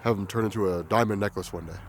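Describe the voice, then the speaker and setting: A man quietly telling a personal story in a halting, reflective way. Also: fairly low pitch, slight background noise. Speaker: vlogger.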